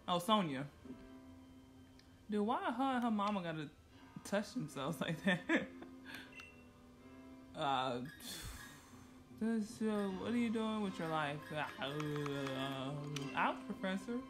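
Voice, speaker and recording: A woman's voice: fairly low pitch, very animated, takes it slowly, pauses often, faint music behind. A woman hosting a gaming channel, giving chatty, joking let's-play commentary and reacting aloud to the game.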